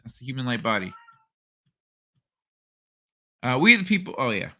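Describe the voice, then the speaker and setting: A man's voice: mid-range voice, big pitch swings, racing, pushed and bright. A man hosting a livestream, chatting casually and reading out viewer comments in a rambling way. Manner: rambling, thinks aloud, frequent restarts. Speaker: livestream host.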